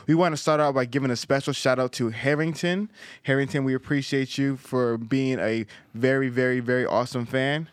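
A young man co-hosting a podcast, energetic and upbeat, giving shout-outs. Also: mid-range voice, brisk, smooth, no echo. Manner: energetic hype banter, gives shout-outs. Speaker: podcast co-host. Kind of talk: casual chat.

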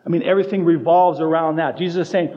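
A man's voice: a little high, fairly even intonation, fast talker. A man preaching a sermon as pastor, emphatic, repeating key phrases and restarting his sentences. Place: church sanctuary. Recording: dull sound with long hall reverb.

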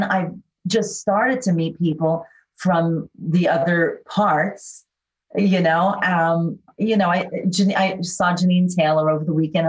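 An older actress with a faint New York accent, chatting warmly and enthusiastically as a guest, with lots of fillers. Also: female voice, fairly low pitch. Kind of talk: casual interview chat. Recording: dull, lo-fi sound.

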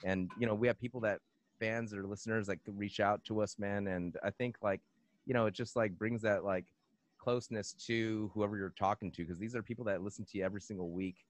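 A man's voice: on the low side, fairly even intonation, brisk. A man talking as a guest musician on a podcast, rambling with lots of fillers and repeated "man" and "you know". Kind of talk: casual podcast chat.

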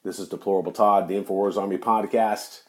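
A man's voice: lowish voice, steady tone, a little fast. Angry, profane man ranting on a podcast. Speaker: podcast host. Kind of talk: solo podcast rant.

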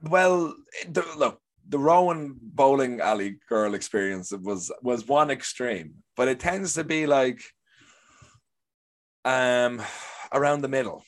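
A young Irish actor, a guest in a casual chat, rambles through stories and acts out what people said. His mid-range voice moves at a slow pace.

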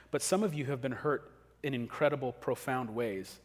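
A man preaching a sermon as pastor, talking casually and acting out quick everyday scenes. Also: mid-range voice. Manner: conversational, acts out quick scenes. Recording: long hall reverb.

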